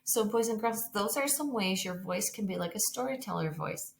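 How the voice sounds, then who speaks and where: A woman's voice: mid-range voice, expressive, normal speed, vocal fry, a little hiss or hum. A woman teacher giving a recorded reading lesson, talking patiently and directly to young children. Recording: roomy echo.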